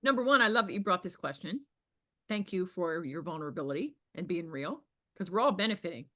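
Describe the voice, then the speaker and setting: A woman business coach leading a group video call, talking emphatically and acting out other people in a high squeal. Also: animated, a little fast, fairly bright tone. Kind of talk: animated coaching talk.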